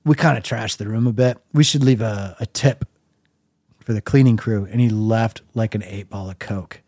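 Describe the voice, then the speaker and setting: A middle-aged man casually telling a long story on his own podcast, wry and laid-back, dropping to a low mumble when he quotes himself. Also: normal speed, a little mellow, dry recording, studio quality. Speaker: podcast host.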